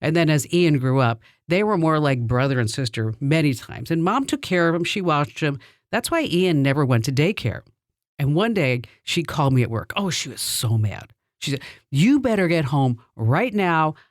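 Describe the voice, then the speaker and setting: A woman's voice: sits low, expressive, normal speed, no echo, studio quality. A middle-aged woman hosting a podcast, telling personal stories in a chatty way and laughing between lines. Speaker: podcast host.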